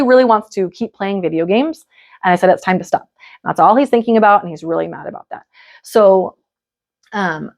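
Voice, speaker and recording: A woman in her thirties leads a live parenting workshop in a relaxed, conversational way. She talks in a mid-range voice, loose and chatty, and keeps checking in with the room. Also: medium pitch. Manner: casual, chatty, many "like" and "right?" fillers. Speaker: parenting coach.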